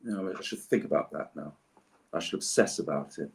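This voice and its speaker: A man's voice: deep voice, animated, brisk, gravelly, husky. An Englishman chatting playfully while signing autographs, with a theatrical, explanatory manner. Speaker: voice actor signing autographs on a livestream. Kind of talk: casual chat while signing. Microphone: livestream setup.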